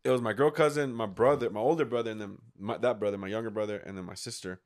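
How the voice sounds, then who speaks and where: A man in his thirties telling a story in casual podcast talk, animated and full of swearing. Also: fairly low pitch, fast talker. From United States. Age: 30s. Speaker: podcast guest.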